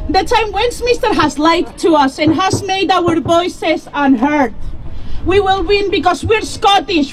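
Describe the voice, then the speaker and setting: High-voiced woman rousing a rally crowd. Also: slight background noise, rough recording. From EU country outside the UK. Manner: fervent, rousing, laughs between points. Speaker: rally speaker. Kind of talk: impassioned political rally speech. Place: outdoor rally.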